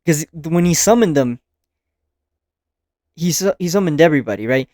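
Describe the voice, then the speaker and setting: A man reviewing anime episodes in a casual, excitable way, using slang and casual swearing as he recaps the plot. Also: fairly high pitch, normal speed, no room sound, clean studio sound.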